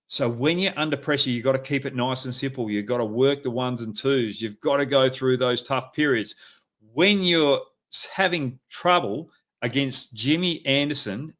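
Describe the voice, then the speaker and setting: A middle-aged Australian man talks at an ordinary pitch for a man, breaking down play like a coach. He leans hard on his warnings and keeps his points plain, with frequent fillers as he thinks aloud. His voice sits in a middle register, neither deep nor high. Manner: animated, emphatic coaching talk with frequent fillers. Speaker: host. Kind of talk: live cricket analysis.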